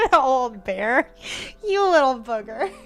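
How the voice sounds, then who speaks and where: Animated young woman streamer, bright voice. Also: high voice, slow, soft background music. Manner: animated, chatty reactions. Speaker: gaming streamer. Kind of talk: game playthrough commentary.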